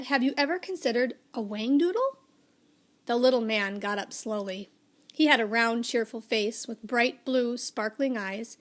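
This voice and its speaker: A woman narrating a children's story aloud in a measured, gently expressive way. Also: fairly high pitch.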